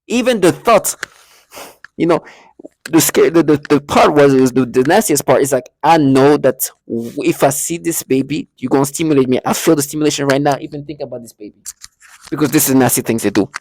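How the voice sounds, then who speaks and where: A man's voice: on the high side, brisk, creaky, darkish tone, no echo. A man talking emotionally to camera in an agitated monologue, stammering and repeating words as he goes. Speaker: vlogger.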